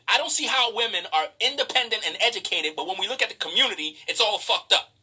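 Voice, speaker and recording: A man's voice: sits high, animated, quick pace, hardly any pauses, sharp tone, husky. A man preaching a profane, emphatic livestream sermon to women, scolding and mocking them. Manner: preachy, profane, emphatic, mocks others in quoted voices.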